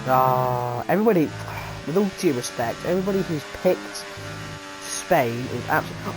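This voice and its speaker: A man calling an online race live, loud and jokey, swearing freely and dropping slang between every call. His pitch sits mid-range, and music plays clearly under his voice throughout. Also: fairly quick, rough recording. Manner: excitable, sweary, jokey, keeps tagging "bruv". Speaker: sim racing commentator. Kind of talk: live race commentary with casual banter.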